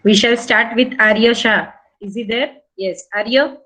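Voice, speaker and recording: Indian English woman teacher, slightly high voice, patient and repetitive, coaching pupils through reading. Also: measured pace, pushed and bright, poor audio. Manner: patient, repeats instructions, prompts and corrects pupils. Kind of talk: online reading class.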